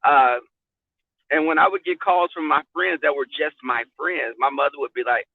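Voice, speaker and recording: A man hosting a casual live stream, telling stories in a sassy, profane, animated way from a car. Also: fairly high pitch, normal speed, dry recording. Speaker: vlog host. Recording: tinny, phone-like, dry.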